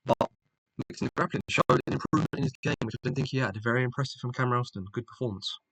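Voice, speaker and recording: Man, rapid-fire fight recap, blunt and sweary, dry close sound. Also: mid-range voice, gravelly, a bit bright, no echo. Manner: blunt, opinionated, sweary, mocking. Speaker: MMA fan reviewer. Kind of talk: casual fight recap commentary.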